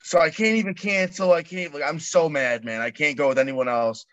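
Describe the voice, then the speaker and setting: A man's voice: a little high, a little fast, fairly bright tone, no echo. A man venting in a rambling, frustrated way during a casual chat. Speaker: bounce house business owner, guest. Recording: dry, dull lo-fi remote line.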